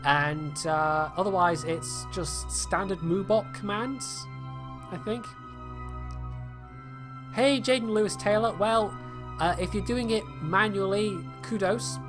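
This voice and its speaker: A man's voice: high-pitched, takes it slowly, music in the background. Rambling British man streaming a game. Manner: rambling, wry and self-deprecating, with many fillers. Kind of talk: casual livestream gameplay commentary.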